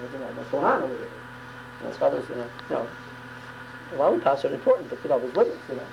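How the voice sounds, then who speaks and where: A woman's voice: extremely low pitch, lively intonation, fast talker, creaky, dull audio, slight background noise. A woman teaching a religious class on prayer, talking emphatically and often repeating words and restarting phrases. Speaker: Torah teacher.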